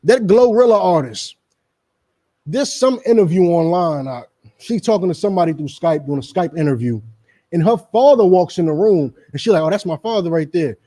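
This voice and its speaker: A man's voice: high-pitched, animated, normal speed, dark tone. A middle-aged man giving emphatic, repetitive, lecturing commentary in a preaching style, addressing the people around him by name. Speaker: religious group speaker on a radio show.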